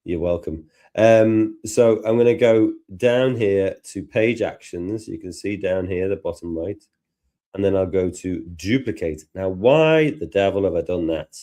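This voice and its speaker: A man with a Liverpool accent presenting a live tutorial in a relaxed, self-deprecating way. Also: low-pitched, a little slow. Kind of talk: casual live tutorial chat.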